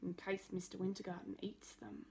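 A woman voicing a young boy who teases with scary stories in a hushed way. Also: fairly low pitch, very animated, normal speed, vocal fry, a little hiss or hum, low-quality recording. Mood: teasing. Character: spooky-tale-telling young boy.

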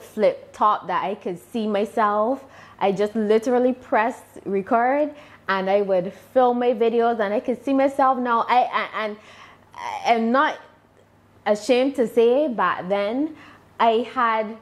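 A woman from Barbados with a Barbadian accent, answering interview questions about her channel in a deliberate, measured way. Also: on the high side. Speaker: YouTuber guest.

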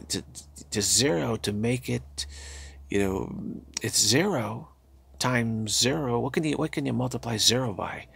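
An older man giving a halting, repetitive spiritual talk, slipping into soft murmured chanted phrases. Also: mid-range voice, gravelly, husky. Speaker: spiritual teacher.

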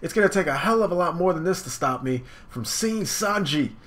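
A brash young male pirate yells his defiance in a strained, high register, played by a man reading aloud. The voice is loud and punchy, well above his usual pitch. It comes across as a casual fan reading. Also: animated, a little fast. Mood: defiant. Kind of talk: reading comic dialogue aloud.

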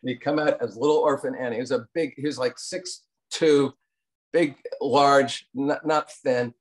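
A man's voice: medium pitch, steady tone, moderate pace. An older man telling casual anecdotes in an interview, rambling with fillers and acting out quotes along the way. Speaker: interview guest, cartoon producer.

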